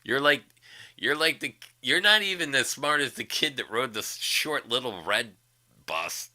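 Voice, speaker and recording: A man's voice: medium pitch, lively intonation, unhurried, pushed and bright. A man hosting a casual livestream, profanely mocking a rival with frequent laughter. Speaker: livestream host.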